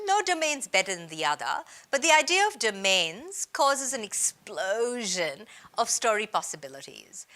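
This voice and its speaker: Woman from india teaching business storytelling, bright voice that swings all over, really emphatic. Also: mid-range voice. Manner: lively, emphatic teaching delivery. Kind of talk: recorded training presentation. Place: based in Australia.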